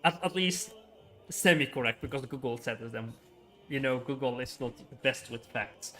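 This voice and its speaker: A man's voice: medium pitch, normal speed, sharp tone. A young man chatting casually on a gaming livestream, rambling with frequent chuckles and filler words.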